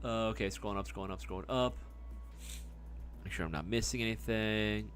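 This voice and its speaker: A young man hosting a live stream, chatting casually and reacting loudly to chat messages. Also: lowish voice, brisk, a little hiss or hum. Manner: laid-back, chummy, calls people dog and brother.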